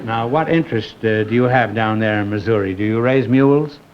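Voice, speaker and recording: A man's voice: fairly low pitch, a little fast, heavy background noise. A man hosting a quiz show, teasing his guests with dry quips and joking questions. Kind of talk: wisecracking quiz show banter. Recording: muffled 1950s TV audio with loud studio audience.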